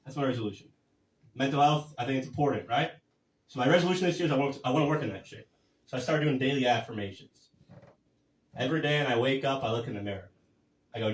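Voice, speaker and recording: A man's voice: mid-range voice, animated, fast talker, roomy sound, far from the mic, poor audio. A man doing a stand-up set, crude and self-deprecating, rambling with lots of fillers. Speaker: stand-up comedian. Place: comedy club stage.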